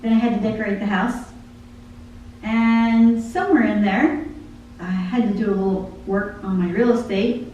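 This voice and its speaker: A woman's voice: mid-range voice, normal speed, dark tone, muffled recording. A woman giving a conversational devotional talk, chatting about her busy week and listing chore after chore. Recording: very echoey room from far off, faint hum.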